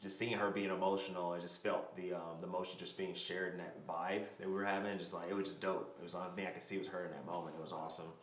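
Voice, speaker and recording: A man's voice: low-pitched, level tone, quick pace, hardly any pauses, slight background noise. A young man casually telling the story of his proposal, laid-back and slangy, laughing often. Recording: echoey room.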